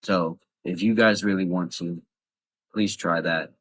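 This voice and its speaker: A man's voice: low voice, fairly even intonation, unhurried, a bit bright, breathy edge, no room sound, poor audio. A young man from the East Coast of the US giving casual advice in a vlog, talking earnestly in loose, rambling sentences. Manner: earnest, loosely structured talk with fillers. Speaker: vlogger.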